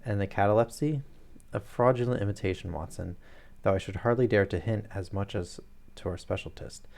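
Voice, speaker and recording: A man voicing a sharp, cool-headed detective who lays out his reasoning crisply. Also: lowish voice, a little fast.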